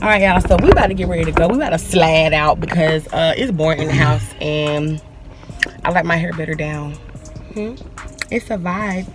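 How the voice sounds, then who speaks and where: A woman's voice: deep voice, normal speed, over music. A woman in her twenties vlogging while she gets ready, talking in a playful, exaggerated slangy voice into a camera held at arm's length. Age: 20s. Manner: playful, slangy put-on "ratchet" talk. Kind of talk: get-ready-with-me chat. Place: home indoors, then a car.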